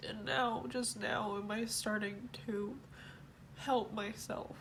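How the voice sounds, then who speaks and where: A woman talking in a personal confessional vlog, halting and emotional, trailing off mid-sentence. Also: medium pitch, fairly even intonation, background noise. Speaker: vlogger.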